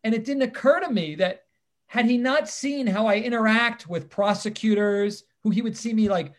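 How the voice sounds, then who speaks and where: A man in his fifties, a lawyer and guest, telling personal stories with animated, emphatic delivery and acted-out dialogue. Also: high-pitched, moderate pace. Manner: animated, emphatic storyteller who acts out the dialogue. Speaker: guest, criminal defense attorney. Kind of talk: personal storytelling in conversation.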